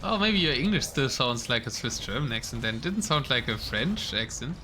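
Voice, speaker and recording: A man's voice: medium pitch, big pitch swings, moderate pace, sharp tone, a little hiss or hum. A young man casting a strategy game live, with casual play-by-play that drifts into chatting with viewers. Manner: casual, chats with the live chat between calls. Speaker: esports caster.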